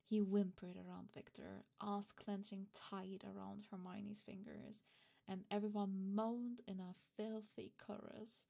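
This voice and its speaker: A woman's voice: medium pitch, gravelly, darkish tone. A woman streamer, not a native English speaker, reading fan fiction aloud and chatting with viewers in a hesitant, flustered way. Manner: hesitant, flustered, self-interrupting asides. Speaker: streamer host.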